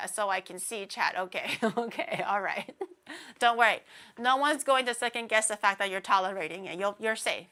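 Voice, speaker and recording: A woman's voice: mid-range voice, pushed and bright. A young woman streaming, chatting casually with her viewers, laughing often, her voice slightly naggy and whiny. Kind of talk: casual livestream chat with chat readers.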